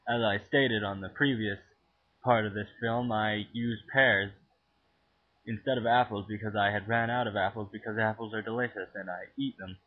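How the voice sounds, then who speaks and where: A teenage boy goofing around while he films himself cooking at home, crude and joking, with sudden loud yells. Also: fairly low pitch, fairly even intonation, moderate pace, breathy edge. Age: teens. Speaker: home cooking video maker. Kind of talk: goofy profane cooking vlog. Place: home kitchen. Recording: tinny lo-fi home camera audio.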